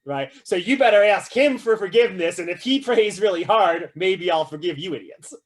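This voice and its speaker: A man giving a casual, animated philosophy lecture to a class, often checking in with "right?" and acting out quotes with humor. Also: sits high, normal speed. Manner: acts out quoted voices with humor.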